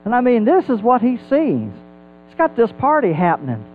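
A man with a high voice teaching a Bible sermon in an animated way, asking his listeners rhetorical questions. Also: normal speed, narrow, tinny audio, faint music behind. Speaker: preacher.

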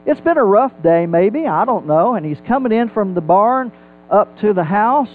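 A preacher with a high voice and lively intonation delivers a Bible sermon at a moderate pace, his pitch swinging up and down as he poses rhetorical questions. The audio sounds thin and phone-like, with faint music and slight background noise beneath.

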